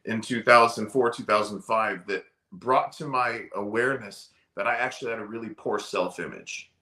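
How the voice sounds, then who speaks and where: A man's voice: on the low side, moderate pace, bright, forceful tone. A middle-aged man, a sales trainer, talking casually in an interview with an emphatic, storytelling delivery.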